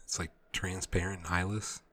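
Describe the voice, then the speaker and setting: Man, very deep voice, dry laid-back replies, casual podcast co-host. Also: level tone, normal speed, a bit bright, dry recording. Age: older than co-host. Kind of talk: casual comedy podcast banter.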